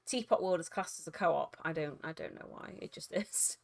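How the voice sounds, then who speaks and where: A woman's voice: on the low side, normal speed, gravelly. Chatty, giggly woman streamer. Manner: chatty, giggly, rambling with restarts. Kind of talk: casual live-stream chat with viewers.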